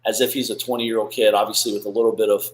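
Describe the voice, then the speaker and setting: A man's voice: on the low side, little pitch movement, rapid-fire, roomy sound, low-quality recording. A man in his thirties hosting a podcast, giving blunt motivational talk that is preachy and full of swearing. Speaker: podcast host.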